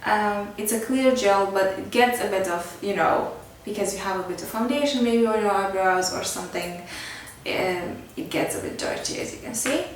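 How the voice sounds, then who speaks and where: A woman's voice: mid-range voice, normal speed. A woman vlogger chatting casually through a makeup tutorial, filling her talk with "like" and "kinda". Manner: chatty, filler-heavy with frequent "like" and "kinda". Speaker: beauty vlogger. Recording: very echoey room, mic at a distance, faint background noise.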